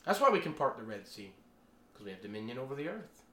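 A man preaching a casual sermon to a small group, animated and chatty, exclaiming as he tells stories. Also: mid-range voice, fast talker, roomy sound.

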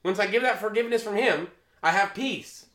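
A man preaching a sermon, emphatic and moving between loud and quiet. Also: high voice, a little fast, echoey room.

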